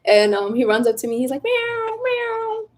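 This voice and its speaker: A young woman hosting a casual livestream, reading viewer comments aloud in a chatty, animated way and laughing often. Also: a little high, fast talker. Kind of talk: casual live chat.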